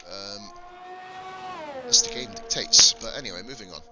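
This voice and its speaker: An English man with a slight lisp calls an online race live, blunt and free with swearing. His pitch swings up and down a lot as he reacts. Music plays clearly under his voice from his desk mic. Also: wildly swooping pitch, normal speed. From England. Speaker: sim racing commentator. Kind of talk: live stream race commentary.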